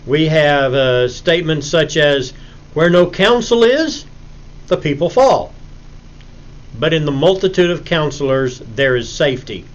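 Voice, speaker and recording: A man giving a recorded Bible lecture in a preacherly way, acting out little stories with sudden loud emphasis. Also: a little high, lively intonation, a little slow, muffled recording.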